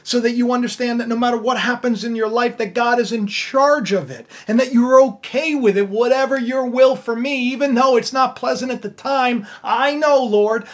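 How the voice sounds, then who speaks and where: A man preaching in a casual, conversational style, retelling a scripture story with frequent fillers and restarts. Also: very high voice. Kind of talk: casual biblical storytelling sermon.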